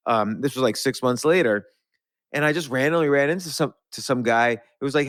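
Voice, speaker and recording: Middle-aged male host, medium pitch, rambling anecdotal storyteller, dead-dry room. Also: brisk, fairly bright tone, dry recording. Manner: rambling anecdotes with restarts and laughs. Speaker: podcast host. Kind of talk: storytelling in conversation.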